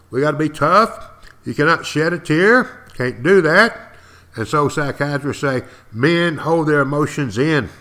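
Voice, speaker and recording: An older man gives a history lesson in a warm, mid-pitched voice. He leans on key words and says them again for emphasis. He keeps putting questions to his listeners. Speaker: history teacher. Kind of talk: lively classroom-style history talk to podcast listeners.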